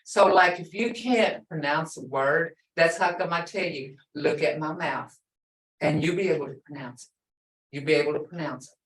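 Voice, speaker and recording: A middle-aged woman teaching a live language lesson, repeating words slowly and patiently for her learners. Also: low voice. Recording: echoey room, far from the mic.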